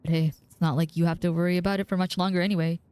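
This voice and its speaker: A woman's voice: lowish voice, flat delivery, very fast, dark tone, clear, resonant tone, dry recording, lightly acted. A woman reading the lines of a curt, dismissive young woman cousin from a story game, clipped and skeptical. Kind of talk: reading game dialogue aloud.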